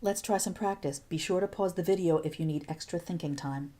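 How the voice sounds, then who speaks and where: A woman teaching a recorded video lesson, walking through each step patiently and clearly, with the odd playful aside. Her voice sits a little low and sounds mellow and soft-edged. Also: brisk. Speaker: Spanish teacher.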